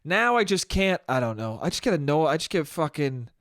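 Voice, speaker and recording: A young man talks alone into a close podcast mic, his voice a little high and smooth. He rambles in a casual, profane way, mocks himself and laughs often. The sound is dry with no room around it. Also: sing-song, brisk, fairly bright tone, dry recording. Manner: rambling, profane, self-mocking, frequent laughs. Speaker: podcast host. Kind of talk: solo casual podcast monologue.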